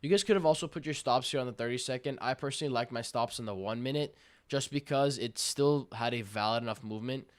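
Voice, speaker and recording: A young man calls his trades live on a stream, slangy and hyped, breaking into loud cheers. His voice sounds smooth and clear. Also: medium pitch, fast talker. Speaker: livestream day trader. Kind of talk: live trading stream commentary.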